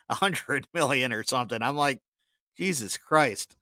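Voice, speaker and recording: A man's voice: mid-range voice, normal speed, pushed and bright, dry recording. A man co-hosting a podcast, telling rambling stories in casual chat and often apologizing for his own jokes. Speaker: podcast co-host.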